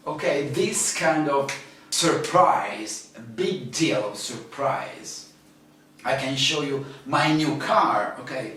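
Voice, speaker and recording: A man with an Italian accent, teaching a language lesson online and slowly acting out everyday example phrases. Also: medium pitch, lively intonation, pushed and bright, very echoey, far from the mic. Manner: slow, explanatory, acts out example phrases.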